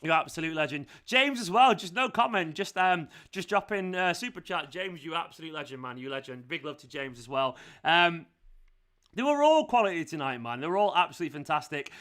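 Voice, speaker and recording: High, bright-voiced young man. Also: expressive, fairly quick. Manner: gushing, heartfelt, rambling. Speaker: fan channel host. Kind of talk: emotional live stream chat.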